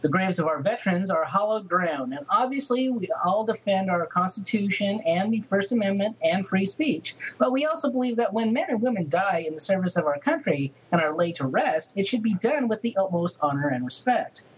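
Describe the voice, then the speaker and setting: A man's voice: high-pitched, expressive, brisk, hardly any pauses, a little hiss or hum, low-quality recording. A man co-hosting a comedy podcast who reads news stories and throws in sarcastic quips. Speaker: podcast co-host. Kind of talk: casual comedic news chat.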